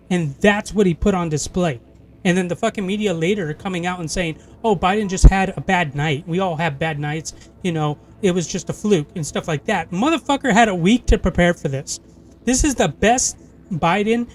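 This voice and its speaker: A man hosting a gaming stream, ranting heatedly with a lot of profanity, from California. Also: sits high. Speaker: gaming channel host. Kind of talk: casual rant while streaming a game.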